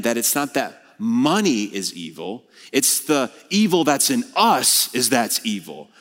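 A man preaching a sermon as a pastor, animated and blunt, mixing scripture with casual slang. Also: mid-range voice, big-room sound.

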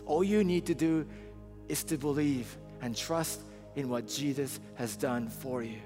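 A man preaching a sermon, telling a story and then building to loud, impassioned appeals. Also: mid-range voice, measured pace. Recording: long hall reverb, faint music.

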